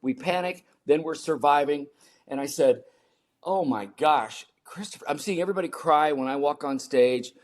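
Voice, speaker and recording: An older man from the United States, a performance coach, telling lively stories in an interview and acting out his own reactions. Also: fairly high pitch, normal speed. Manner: animated storyteller, acts out his own panicked voice. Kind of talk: storytelling interview talk.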